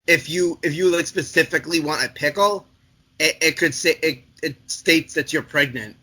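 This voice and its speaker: A young man chatting loosely with a friend, stumbling through his thoughts with lots of restarts. His voice is very bright and sits a bit high for a man. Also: breathy edge. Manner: rambling, halting, many restarts and fillers. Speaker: podcast co-host. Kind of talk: casual chat.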